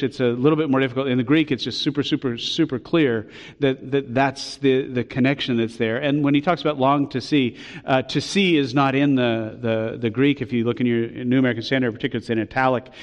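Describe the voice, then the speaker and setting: A man delivers a sermon in a church sanctuary with long reverb trailing each phrase. He speaks in an earnest, heartfelt way and climbs higher when stressing a point. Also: lo-fi sound. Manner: earnest, warm preaching with emphatic rises. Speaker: pastor.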